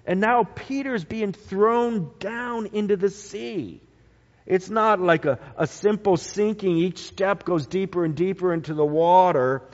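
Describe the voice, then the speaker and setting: A high-voiced man preaches slowly and deliberately, swinging between loud and hushed tones. His sermon carries a long hall reverb. The recording sounds dull and lo-fi.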